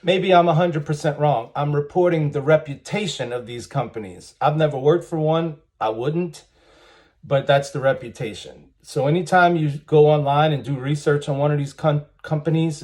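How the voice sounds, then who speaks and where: A man's voice: on the high side, normal speed, a little mellow. A man, reading job ads aloud and commenting bluntly and wryly, chuckling often. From United States. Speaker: trucking channel host.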